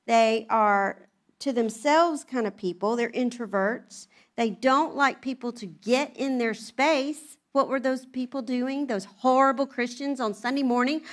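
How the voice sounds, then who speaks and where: A middle-aged woman from the American South with a Southern accent, speaking at a church women's event and telling funny family stories in a chatty, humorous way. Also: a little high. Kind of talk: storytelling talk to an audience.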